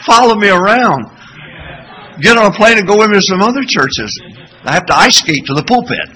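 A man's voice: high voice, lively intonation, moderate pace, sharp tone, rough recording. A man preaching a sermon in church, telling stories and asking the congregation rhetorical questions. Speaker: pastor.

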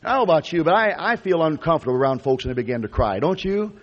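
A man's voice: fairly high pitch, very animated, racing. A man preaching a sermon, telling a story in a folksy, conversational way with frequent restarts. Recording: lo-fi recording with long hall reverb.

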